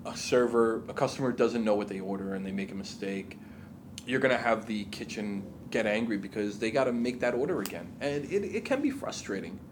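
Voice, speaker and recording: Animated, swearing man telling stories. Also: lowish voice, fairly quick, noisy background. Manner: animated storyteller, swears freely. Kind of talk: casual chat.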